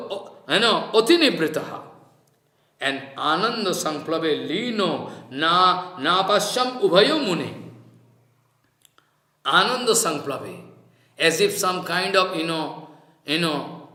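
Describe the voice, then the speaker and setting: High-voiced man giving a reflective sermon. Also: pushed and bright. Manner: slow and reflective, chanting Sanskrit verses and explaining them. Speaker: spiritual teacher. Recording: roomy echo.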